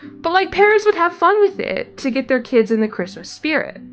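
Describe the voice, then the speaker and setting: A woman's voice: very high-pitched, big pitch swings, normal speed, muffled recording. A young woman streaming, chatting casually and rambling with lots of fillers and restarts. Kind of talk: casual live-stream chat. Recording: faint music behind.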